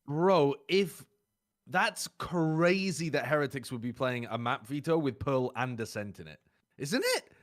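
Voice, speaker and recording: A man's voice: mid-range voice, unhurried. A man co-streaming an esports watch party, chatting casually in an amused, joking way.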